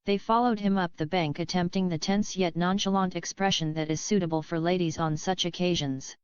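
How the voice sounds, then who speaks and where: A woman reading a classic novel aloud as scripted narration, in a measured way. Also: fairly low pitch, fairly even intonation, clean tone, dry recording, highs cut off. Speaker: audiobook reader.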